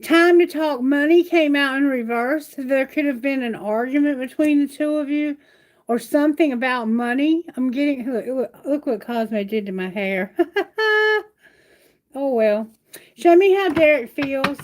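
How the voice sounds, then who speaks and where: A woman giving a live-stream tarot reading at home. She reassures viewers warmly, calls them sweetheart, and asks her questions aloud to Spirit. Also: sits high, a little slow, rough recording. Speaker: tarot reader. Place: at home, near her bedroom.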